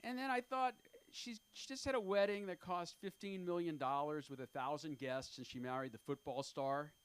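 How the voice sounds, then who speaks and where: At an open mic in a comedy club, a man in his fifties does stand-up in a slightly high, smooth, steady voice. He rambles, mocks himself, and pauses frequently with fillers.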